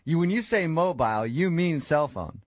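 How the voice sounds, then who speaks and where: A playful American man teasing someone over the phone, his pitch bouncing around lively, recorded close and dry with no room sound. He plays dumb with an innocent, mischievous tone. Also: no room sound. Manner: playful, teasing, deliberately obtuse. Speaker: prank caller. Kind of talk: prank phone call.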